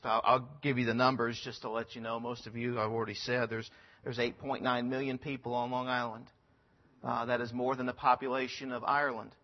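Missionary man, mid pitch, earnest and chatty church report, muffled lo-fi sound. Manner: earnest, conversational, frequent ums and restarts. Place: church sanctuary.

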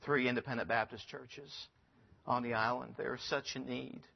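A male missionary reports to a church in an earnest, conversational way, often pausing with ums and restarting his sentences. His voice sits in a middle range. The recording is dull and lo-fi. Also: mid-range voice, steady tone, gravelly. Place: church sanctuary.

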